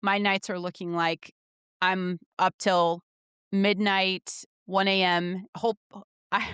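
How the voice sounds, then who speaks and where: A woman guest on a podcast, talking candidly and swearing freely as she tells animated stories. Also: medium pitch, slow pace, clear, resonant tone, no echo, studio quality. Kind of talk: candid conversational interview.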